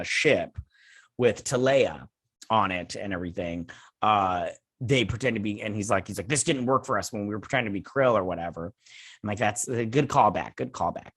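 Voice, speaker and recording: A man's voice: mid-range voice, fairly bright tone, dry recording. Man, casual review, rambling recap, sarcastic asides, dry close sound. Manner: rambling, says "and everything" and "he's like" a lot. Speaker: host reviewing a TV episode. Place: home with children playing nearby.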